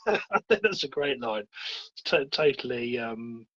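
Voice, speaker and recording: Husky man chatting about films. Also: medium pitch, sharp tone, lo-fi sound. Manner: rambling, halting, many fillers and restarts. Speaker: podcast co-host. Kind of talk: casual film chat.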